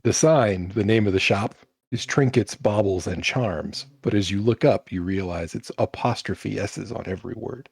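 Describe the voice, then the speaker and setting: A man's voice: lowish voice, moderate pace, gravelly, husky, no room sound, studio quality. A man narrating a tabletop game as game master, describing scenes and shop merchants. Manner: animated, voices merchants in character.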